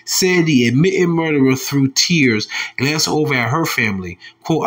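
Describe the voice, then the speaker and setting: A heated male preacher, who reads scripture in a low, slow voice and then breaks into angry, mocking street talk. He curses freely and scoffs as he preaches. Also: lively intonation, fairly bright tone. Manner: heated, profane, mocking, drops to low tones reading verses. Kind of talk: scripture commentary with angry asides.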